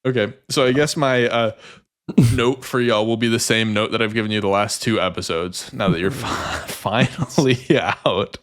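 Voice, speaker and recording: A man's voice: on the low side, normal speed. A man running a tabletop game as dungeon master, wrapping up the session in casual chat and teasing his players with frequent laughter.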